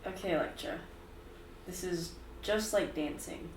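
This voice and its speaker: A woman voicing a patient young male fighter who teaches combat forms in a tabletop game, speaking gently in a slightly lowered voice. Her voice is picked up from a distance in a roomy space with faint ambience. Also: unhurried, slight background noise, close to an everyday voice. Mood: coaching.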